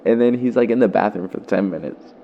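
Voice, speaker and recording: Low-voiced young man telling a story. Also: brisk, vocal fry, phone-quality sound, slight background noise. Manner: loose, profane, with many fillers. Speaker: vlogger. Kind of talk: casual storytelling.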